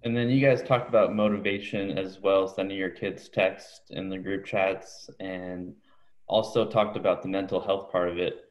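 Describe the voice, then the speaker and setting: A man hosting a podcast, asking an interview question in a steady, even way. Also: low-pitched, normal speed. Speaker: podcast host. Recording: dull lo-fi audio.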